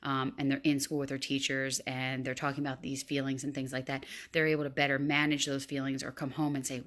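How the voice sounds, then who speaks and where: A woman's voice: a bass voice, level tone, a little fast, few pauses, a bit bright. A woman in her thirties, a teacher and parent, talking casually to camera with lots of fillers. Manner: chatty, many fillers. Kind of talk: casual vlog talk.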